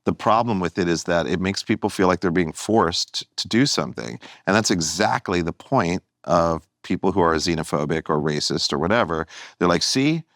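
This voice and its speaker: A man with a very low voice talks casually as a podcast guest, restarting his phrases as he thinks aloud. The sound is dry and close, with no room around him. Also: normal speed, a bit bright, no echo. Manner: earnest, restarts and trailing phrases. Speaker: comedian guest.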